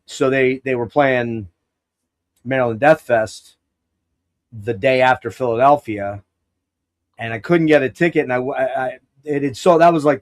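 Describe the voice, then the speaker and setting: A podcast host from Pennsylvania, talking in a loose, casual way. He winds through a long story with false starts and quoted back-and-forth, a man of ordinary middle pitch. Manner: long-winded storyteller, many restarts and quoted asides. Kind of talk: casual rambling chat.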